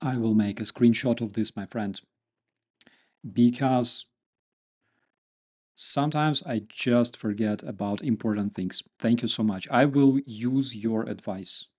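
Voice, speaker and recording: Unhurried, joking Ukrainian male host chatting with his viewers, mid-range voice. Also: medium pitch. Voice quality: animated, joking, with many fillers. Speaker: channel host. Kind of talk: casual chat with viewers, reading comments.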